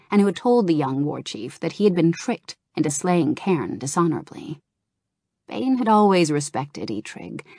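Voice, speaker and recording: A woman narrating a fantasy novel aloud in a calm, steady reading voice. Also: deep voice, slightly rough, no room sound, studio quality. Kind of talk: audiobook narration of a game novel.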